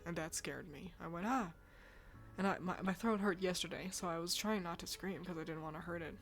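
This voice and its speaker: A woman streaming live, chatting casually about games while sick and congested, laughing often. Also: lowish voice.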